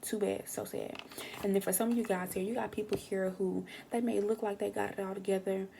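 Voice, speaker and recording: A woman's voice: mid-range voice, fairly even intonation, fast, creaky, mellow, slight background noise. A young woman giving a casual tarot reading, brash and slangy, swearing freely and acting out what other people say. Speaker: tarot reader.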